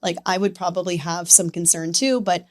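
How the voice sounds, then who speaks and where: A woman in her thirties speaks as a podcast guest, candid and easygoing. She tells her story in a lively way and slips into quick quoted back-and-forths. It is relaxed, conversational talk. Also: on the low side. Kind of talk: casual conversation.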